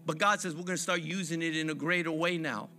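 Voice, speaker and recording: A man's voice: on the high side, fairly even intonation, fast, sharp tone, faint music behind. A man preaching a sermon at a church service, fervent and repetitive, calling out to the congregation. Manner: fervent, repetitive preaching with call-and-response phrasing.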